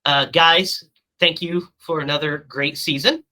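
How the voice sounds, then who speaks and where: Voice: mid-range voice, fairly even intonation, unhurried, bright, forceful tone, low-quality recording. A podcast host on a remote call wrapping up the season in casual chat, with plenty of fillers. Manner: loose, filler-heavy wrap-up talk. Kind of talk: casual show sign-off. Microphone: remote call mic.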